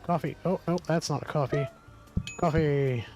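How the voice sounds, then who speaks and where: A man's voice: fairly high pitch, normal speed, a little mellow, faint music behind. A man streaming a game, calling out orders aloud in casual commentary and swearing when things get close. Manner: rattles off orders aloud, swears under pressure.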